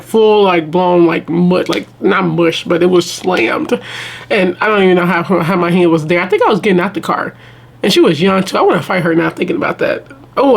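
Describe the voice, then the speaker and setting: A young adult woman telling stories on her vlog in a casual chat, animated and laughing as she talks straight to her viewers. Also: fairly low pitch. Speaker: vlogger.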